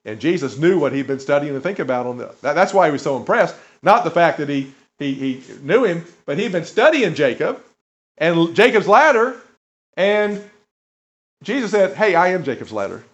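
Animated preacher man, lively rising voice. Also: fairly high pitch, normal speed. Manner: animated, emphatic storytelling with chuckles and asides to the audience. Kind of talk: sermon. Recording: dull lo-fi recording.

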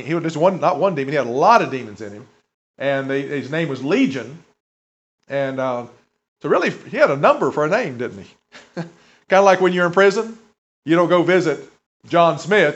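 Man, pastor, sermon, conversational, rhetorical questions, muffled lo-fi sound. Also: fairly high pitch. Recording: dull lo-fi recording.

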